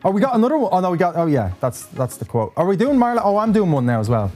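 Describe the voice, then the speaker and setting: A man's voice: high-pitched, very animated, very fast, a little mellow, faint music behind. A man hosting a live interview, rambling and jokey. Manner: rambling, jokey, many fillers. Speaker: host. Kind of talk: casual live-stream interview chat.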